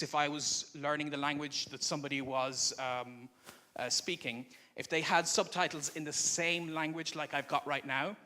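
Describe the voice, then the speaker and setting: A man speaks into a microphone at a conference, walking an audience through his ideas in a relaxed, conversational way. His voice sits a little high and has a bright, forceful edge. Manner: conversational, explanatory. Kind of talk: live presentation. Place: conference room before an audience.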